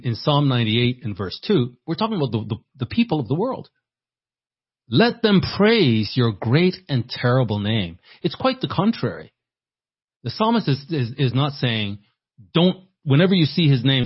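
A man's voice: medium pitch, breathy edge. A man preaching a sermon with emphatic rhetorical questions, often repeating words as he thinks. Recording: dull lo-fi sermon recording.

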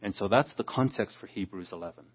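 Male preacher, low husky voice, teaches scripture and voices the quotes, muffled lo-fi recording. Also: quick pace. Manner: expository, acts out quoted speakers. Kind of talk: Bible teaching. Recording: dull lo-fi sound.

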